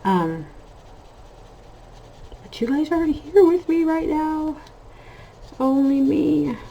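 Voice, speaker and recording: A woman's voice: high-pitched, steady tone, unhurried, gravelly, highs cut off, slight background noise. A woman in her thirties with an American accent, chatting casually about her family as she colours, drifting between stories and talking through her work. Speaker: coloring channel host. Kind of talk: casual chat while coloring.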